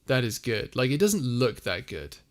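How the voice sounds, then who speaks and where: A man's voice: mid-range voice, very animated, moderate pace. Young man chatting on a stream. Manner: chatty and playful, laughs often. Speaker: streamer and audio creator. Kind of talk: casual live-stream chat, reading viewer comments.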